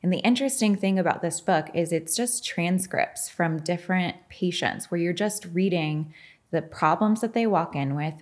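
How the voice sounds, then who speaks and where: Gravelly low-voiced woman telling stories. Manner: animated and frank, swears, laughs often. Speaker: podcast guest, entrepreneur. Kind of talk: candid storytelling interview.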